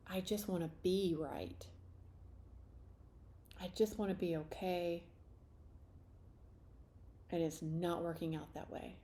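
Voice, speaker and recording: A woman leading a guided EFT tapping session, speaking slow, repetitive first-person statements for listeners to repeat. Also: on the low side, fairly even intonation, mellow. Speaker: tapping practitioner.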